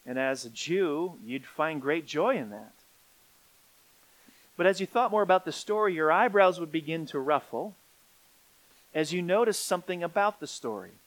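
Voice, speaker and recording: A middle-aged man preaching a sermon, swinging from quiet, low stretches up to emphatic peaks. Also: poor audio. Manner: rising to emphatic peaks, then dropping quiet. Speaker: pastor.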